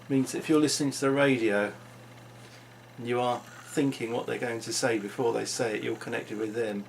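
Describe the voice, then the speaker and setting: A man with a gravelly, creaky voice muses through an unscripted vlog monologue. His pitch sits mid-range for a man, and he wanders from thought to thought, often restarting his sentences. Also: fairly even intonation, brisk, a little hiss or hum. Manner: rambling, musing, with frequent restarts. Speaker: vlogger.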